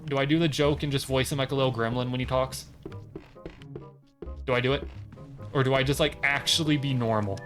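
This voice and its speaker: A man's voice: medium pitch, fairly even intonation, fairly quick, pauses often, a bit bright, faint music behind. Joking man streaming a game. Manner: joking, restarts, reads game dialogue aloud in silly voices. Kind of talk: casual gameplay commentary.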